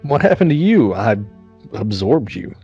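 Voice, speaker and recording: A man's voice: medium pitch, big pitch swings, measured pace, a little mellow, highs cut off, faint music behind. A man co-hosting a casual movie podcast, summarizing plot with jokes and frequent swearing. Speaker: podcast co-host. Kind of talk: casual chat.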